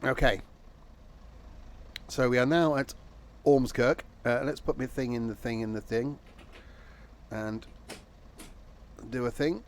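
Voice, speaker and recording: A man's voice: medium pitch, steady tone, slow, pauses often, a little hiss or hum. A man streaming a train simulator, chatting casually with rambling, self-deprecating jokes. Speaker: game streamer. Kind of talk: casual gameplay commentary.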